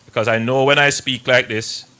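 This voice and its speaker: A man giving a public address in a measured, deliberate manner. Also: medium pitch, fairly even intonation, pushed and bright, clean tone.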